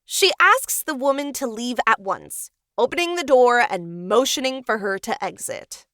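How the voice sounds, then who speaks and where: A woman's voice: a little high, lively intonation, moderate pace, fairly bright tone, no echo, studio quality. A woman co-hosting a podcast, recapping a film in a chatty, playful way. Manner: chatty and playful, cheering the heroine on. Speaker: podcast co-host. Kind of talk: reading a film recap, with asides.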